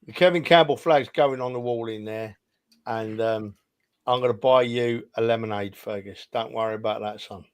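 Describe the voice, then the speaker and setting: A man's voice: medium pitch, normal speed, clear, resonant tone. A man co-hosting a football podcast in casual chat, teasing and full of banter. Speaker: podcast co-host.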